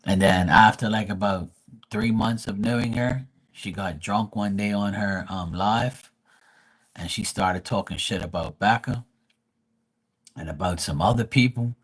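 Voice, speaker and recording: A tarot reader telling a story on his live stream in a blunt, profane, animated way. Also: fairly low pitch, unhurried, slightly rough.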